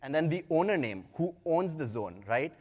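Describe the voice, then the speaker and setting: A man's voice: a little high, very animated, moderate pace, darkish tone. A young man giving a live tech conference talk in a casual, chatty way with self-deprecating asides. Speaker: conference speaker. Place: large conference hall. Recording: long hall reverb.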